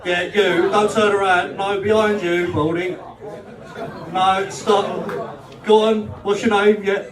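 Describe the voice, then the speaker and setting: Slow and fairly even in intonation, this comedian's high voice drives a cheeky, sweary live set from a club function room stage. He jokes at the audience's expense and plays out spats with his girlfriend, recorded with roomy sound from far off.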